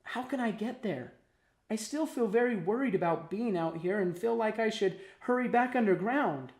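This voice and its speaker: A man's voice: high voice, animated, normal speed, echoey room, voice pushed up. A man doing a timid young worm, Willie. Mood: nervous. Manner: hesitant, nervous.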